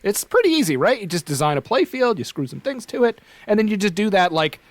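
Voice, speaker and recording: This is a man with an Atlantic Canadian accent, co-hosting a podcast in an easygoing, rambling way. His voice sits a bit high for a man. He is recorded close and dry, with no room sound. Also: fast talker, no room sound. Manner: animated, rambling, fond of "like" and "right?". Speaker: podcast co-host. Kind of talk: casual chat.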